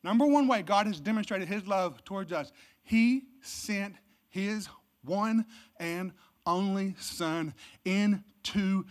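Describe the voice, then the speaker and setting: A pastor preaching a Christmas sermon, swinging from loud, emphatic exclamations to low, hushed delivery. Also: takes it slowly. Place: church service.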